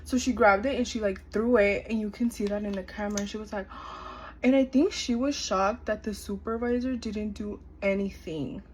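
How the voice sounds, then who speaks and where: A woman's voice: medium pitch, steady tone, fairly quick, hardly any pauses, a little mellow, a little hiss or hum, low-quality recording. Chatty young woman telling a story. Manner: chatty, filler-heavy, acts out quoted dialogue. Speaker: storytime vlogger. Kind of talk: casual storytime chat.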